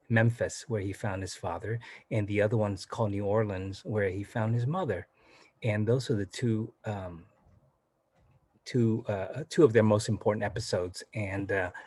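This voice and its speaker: A man's voice: lowish voice, a little mellow, husky, no echo. A middle-aged man from southern Vietnam, an actor guest, chatting casually in an interview with many fillers and restarts.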